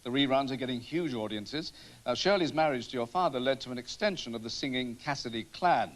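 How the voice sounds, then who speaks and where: A man's voice: mid-range voice, expressive, brisk. Man presenting a tribute show. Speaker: TV host.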